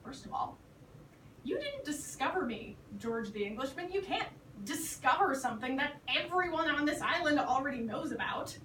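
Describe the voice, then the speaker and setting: A woman performing on stage, voicing a blunt, unimpressed platypus that talks flatly. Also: high voice, normal speed, slight background noise, voice pushed up, exaggerated voice. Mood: firm. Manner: flat, deadpan, exasperated. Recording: echoey stage from far off.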